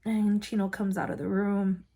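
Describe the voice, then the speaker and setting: A woman vlogger tells her own story in a gravelly, husky voice. She talks candidly, with plenty of fillers and blunt swearing. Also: mid-range voice, little pitch movement, moderate pace, warm tone. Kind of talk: personal storytelling.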